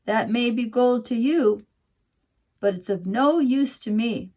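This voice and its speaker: A woman's voice: fairly high pitch, slow pace, mellow. A woman putting on a grumpy little leprechaun. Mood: grumbling. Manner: grumbling, mumbling complaints. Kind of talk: storybook reading.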